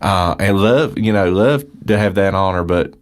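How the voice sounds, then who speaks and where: A man's voice: sits low, moderate pace. A man who is a musician guest on a radio interview, talking earnestly and in a friendly way, often restarting his sentences.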